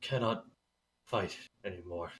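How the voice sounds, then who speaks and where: A man doing a hushed, gruff clan warrior. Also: a little slow. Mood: somber. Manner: terse broken speech, quiet and low. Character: battle-weary male clan warrior, broken speech.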